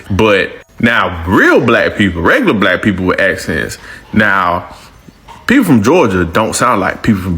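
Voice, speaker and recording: Man, low-pitched, slangy and emphatic, casual reaction commentary. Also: fairly bright tone. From northern Louisiana.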